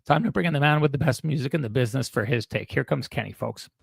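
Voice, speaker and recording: Earnest, halting man co-host. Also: medium pitch, vocal fry, heavy background noise. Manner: halting, repeats words, earnest. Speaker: podcast co-host. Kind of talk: emotional tribute on a post-game show.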